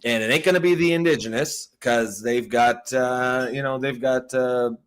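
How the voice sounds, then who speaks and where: Blunt, stammering male political co-host. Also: mid-range voice. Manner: blunt and profane, frequent stammering restarts. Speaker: political talk show co-host. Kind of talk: casual political commentary.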